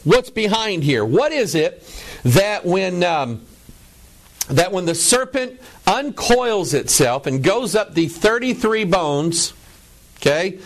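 Middle-aged guy preaching, bit high voice, repeats himself, leans hard on words. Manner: emphatic, drawn-out stresses, repeats himself. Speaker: broadcast preacher. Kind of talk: preaching lecture over images.

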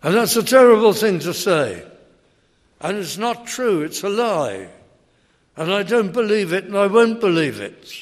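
A man's voice: sits high, sing-song, a little slow, pitched above the performer's own voice. A man voicing an indignant male skeptic who protests against Christian teaching, in a raised, protesting tone. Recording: long reverb hall.

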